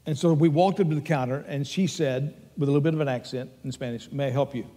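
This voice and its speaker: A man's voice: on the high side, fast talker, warm tone, long reverb tail. An older man with a Texan accent preaching a sermon as pastor, earnest and emphatic as he tells stories.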